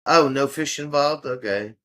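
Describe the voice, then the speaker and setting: Chatting live with his viewers, this streamer teases them in a playful way and hops around between subjects while answering their questions. He has a mid-range voice, a moderate pace, and a sharp tone.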